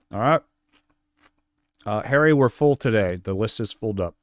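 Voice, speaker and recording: A man's voice: on the low side, expressive, normal speed, pauses often, no echo. A man coaching viewers through gameplay on a live stream, direct and repetitive with lots of fillers. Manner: direct, repeats points, many fillers. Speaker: game coach.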